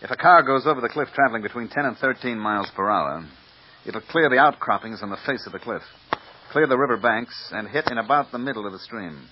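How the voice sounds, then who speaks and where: A man playing a brisk, businesslike police lieutenant. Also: mid-range voice, lightly acted. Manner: matter-of-fact, businesslike. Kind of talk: 1950s radio drama acting. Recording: muffled old radio recording with hiss.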